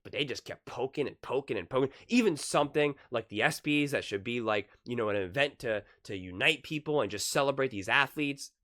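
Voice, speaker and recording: A man's voice: mid-range voice, a little fast, few pauses. A man hosting a casual basketball opinion vlog, talking with analogies and acting out quotes. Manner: lively, with acted-out quotes and analogies. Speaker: basketball commentary host.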